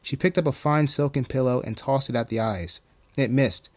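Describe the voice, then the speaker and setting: A man narrating his own horror story in a calm, even storytelling manner. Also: mid-range voice, normal speed.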